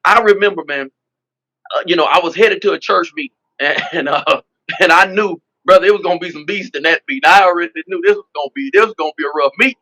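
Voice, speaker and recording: High, bright-voiced pastor. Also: male voice, fast talker, rough recording. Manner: emphatic, repetitive preacher cadence, frequent "man". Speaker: pastor and politician, interview guest. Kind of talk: testimonial storytelling.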